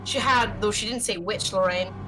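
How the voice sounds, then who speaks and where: A woman streamer reading a story game aloud with expressive commentary and swearing. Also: mid-range voice, over loud music, low-quality recording. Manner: expressive, swearing, quick reactions.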